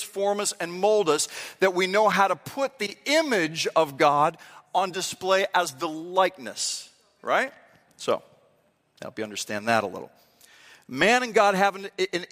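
A man preaching a sermon, stretching key words out slowly and acting out quoted lines for emphasis. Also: sits high, a bit bright. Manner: emphatic, drawn-out dramatic delivery with acted-out quotes. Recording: reverberant hall.

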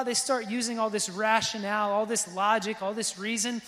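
A man preaching a sermon with lively energy, often asking the congregation if they are with him. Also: high-pitched, normal speed, hardly any pauses, big-room sound. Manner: lively preaching, asks the crowd for response. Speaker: pastor.

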